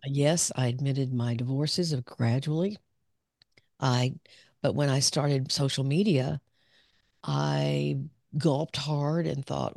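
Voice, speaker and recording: A psychologist on a podcast takes her time recounting her own experiences, open and reflective and laughing often. Her voice is low and warm with vocal fry, captured in a dry, studio-quality recording.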